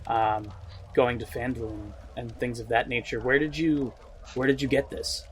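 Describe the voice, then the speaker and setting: A calm, measured male wizard voiced plainly by a man. He sounds mild and thoughtful and never hurried. There is a faint hiss of noise behind him. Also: medium pitch, natural voice. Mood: serious.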